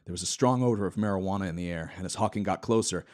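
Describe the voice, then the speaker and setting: Deep-voiced man reading satire deadpan. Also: rapid-fire. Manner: deadpan reading, breaking into laughter. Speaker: podcast co-host. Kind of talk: reading satirical fiction aloud.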